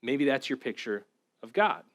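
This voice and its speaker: A pastor giving a relaxed, conversational sermon, talking casually with lots of fillers and repeated words. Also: male voice, medium pitch, normal speed. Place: church.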